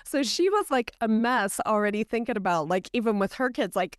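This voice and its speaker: A woman's voice: on the high side, brisk, clear, resonant tone, dry recording, studio quality. Chatty woman podcast co-host. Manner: animated storyteller, fillers of "like". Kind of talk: casual chat.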